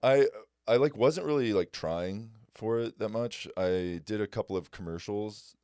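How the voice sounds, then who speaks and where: A young man telling stories in a casual podcast chat, laid-back, with animated quoted voices. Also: fairly low pitch, unhurried, clear, resonant tone, no room sound, clean studio sound. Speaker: guest comedian.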